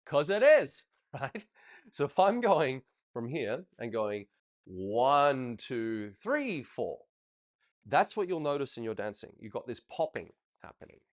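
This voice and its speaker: A male ballroom coach talks a student through footage in a chatty, encouraging way. His pitch swings widely and keeps the explanation lively. Now and then he counts the steps out loud as he demonstrates. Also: takes it slowly. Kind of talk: coaching a student over video review.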